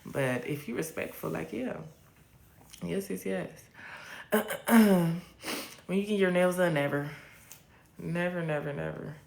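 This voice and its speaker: Slow, gravelly woman streamer, blunt and sassy. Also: fairly low pitch. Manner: blunt, profane and sassy, drawn-out repeats. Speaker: livestream host. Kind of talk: casual live-stream chat, reading viewer comments. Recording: roomy echo.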